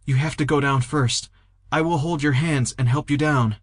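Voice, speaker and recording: A man's voice: medium pitch, steady tone, moderate pace, no echo, clean studio sound, pitched above the performer's own voice, lightly acted. A man voicing a young woman in an audiobook, urgent and determined as she pushes her frightened companion to flee. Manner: urgent, pushing. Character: young woman, determined protector under pressure.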